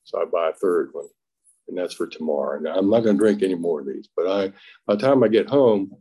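A middle-aged man giving plainspoken personal testimony at a recovery meeting, with halting restarts and acted-out quotes. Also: sits low, expressive, mellow, husky. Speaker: recovery speaker sharing his story.

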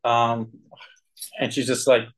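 A man's voice: mid-range voice, flat delivery, slow, rough recording. Earnest man telling his recovery story. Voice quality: frequent throat clearing. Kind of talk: personal testimony to a group.

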